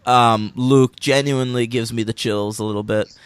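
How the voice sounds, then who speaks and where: A man's voice: medium pitch, steady tone, moderate pace, a crowd in the background. A man co-hosting a film podcast in casual chat. He is wry and joking, and he swears casually. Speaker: podcast co-host.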